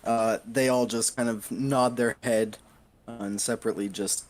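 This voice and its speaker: A man narrating as game master, halting with fillers and laughing often. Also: medium pitch, fairly even intonation.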